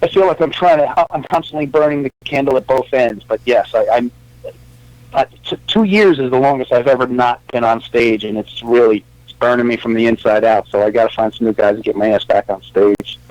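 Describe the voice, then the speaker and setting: A musician with a New York accent, talking at length in a casual, wry way as a radio guest. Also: male voice, medium pitch, a little fast, a little mellow, dry recording, highs cut off. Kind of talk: casual interview chat.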